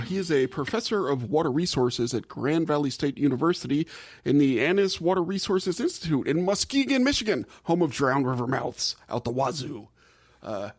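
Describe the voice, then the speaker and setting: Emphatic, lively-voiced man hosting a podcast. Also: on the high side, fairly quick, husky, no echo, studio quality. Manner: emphatic, self-deprecating and jokey. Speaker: podcast host. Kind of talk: casual podcast chat.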